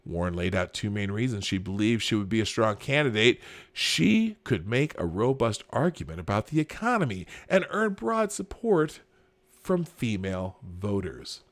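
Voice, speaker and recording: A man's voice: fairly low pitch, very animated, normal speed. A man hosting a live political talk show, reading headlines and tweets aloud with sarcastic asides and laughter. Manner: sarcastic, laughing, jumps between mumbling and loud mock outrage. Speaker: podcast host. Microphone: camera and desk mic, live stream.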